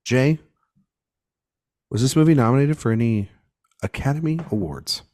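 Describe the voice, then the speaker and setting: A man co-hosting a casual film podcast, talking in an animated, halting way with frequent restarts. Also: medium pitch. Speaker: podcast co-host.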